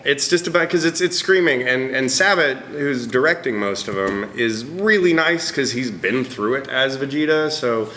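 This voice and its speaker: Bright-voiced, animated man. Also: on the high side, a little hiss or hum. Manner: animated, laughing, self-deprecating. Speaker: voice actor guest. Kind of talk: press roundtable interview. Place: convention press room.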